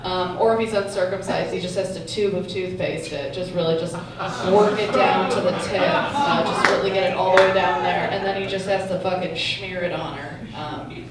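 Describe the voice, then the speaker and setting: A woman's voice: fairly low pitch, steady tone, moderate pace. A young woman doing a stand-up set in a comedy club, brash and crude, talking to the crowd. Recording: echoey club miked from far off, loud room noise.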